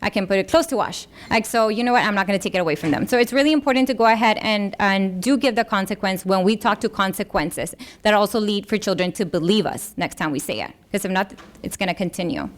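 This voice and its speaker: A woman's voice: medium pitch, brisk, hardly any pauses. A woman giving an informal, earnest talk to parents, slipping into the voices of parents and children as she quotes them. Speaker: parenting workshop presenter.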